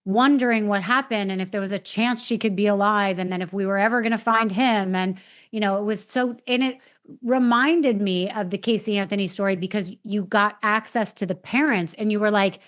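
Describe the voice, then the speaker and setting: A woman's voice: medium pitch, steady tone, a bit bright. Woman podcast host, eager interjecting interviewer, mid-range voice. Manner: eager, interjects with quick reactions.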